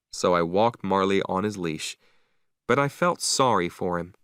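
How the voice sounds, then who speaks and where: A man narrating a simple story slowly and clearly for English learners, with an expressive reading. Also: sits low, no echo, studio quality.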